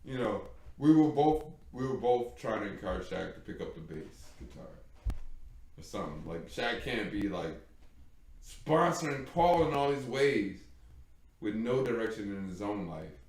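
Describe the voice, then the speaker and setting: Man, low voice, gravelly, animated storytelling, echoey room. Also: normal speed. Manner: animated storyteller acting out quoted dialogue. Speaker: live stream co-host. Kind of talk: casual storytelling chat.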